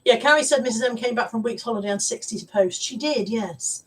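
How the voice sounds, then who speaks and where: A woman's voice: a little high, brisk, breathy edge, recorded from a distance, rough recording. A woman hosting a casual live stream, chatty and rambling as she greets viewers. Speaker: live-stream host and reseller.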